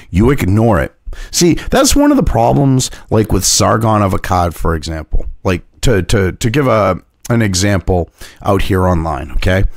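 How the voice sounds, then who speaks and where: A man's voice: mid-range voice, creaky, no echo, studio quality. A man ranting as an online commentator, heated and mocking, swearing constantly. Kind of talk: profane opinion rant.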